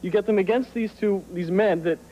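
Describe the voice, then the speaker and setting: A man's voice: high voice, fairly quick, dark tone. A man in a talk show audience arguing heatedly, stammering as he makes his point. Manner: argumentative, stammering. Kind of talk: heated debate. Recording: dull old TV audio with crowd.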